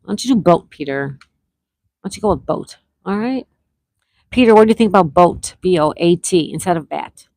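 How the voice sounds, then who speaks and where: Her lowish, darkish voice is expressive and fairly quick, recorded without room sound. As host of a laid-back live stream, she talks with viewers, reads their comments out loud and spells out letters for a game.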